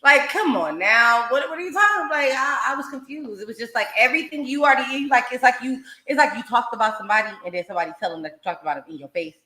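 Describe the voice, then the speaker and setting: A woman hosting a podcast talks in a bright, sharp voice, animated and rambling, and swears freely. The sound is recorded in an echoey room. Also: fairly high pitch, racing, few pauses. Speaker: podcast host. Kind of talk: casual podcast chat.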